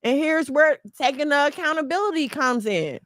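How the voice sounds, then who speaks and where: Woman host, preachy and emphatic, high voice, dry close sound. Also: moderate pace, dry recording. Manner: emphatic and preachy, lively storytelling. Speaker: podcast host. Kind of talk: casual advice talk.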